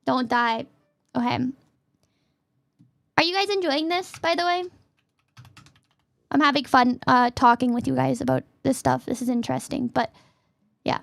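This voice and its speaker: A young adult woman streaming as a VTuber, chatting casually and playfully with her chat in quick jokey asides. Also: sits high, vocal fry, a bit bright.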